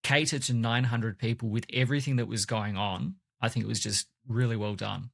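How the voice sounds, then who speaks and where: A man co-hosting a podcast in casual chat, relaxed and often repeating words as he starts a sentence. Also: mid-range voice, a little fast, vocal fry, dry recording. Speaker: podcast co-host.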